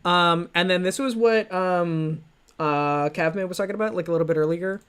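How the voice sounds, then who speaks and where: A man's voice: sits high, normal speed, a bit bright, clear, resonant tone. A man hosting a livestream, talking loosely and mocking himself with many restarts and fillers. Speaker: streamer reacting to his old videos. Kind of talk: livestream commentary.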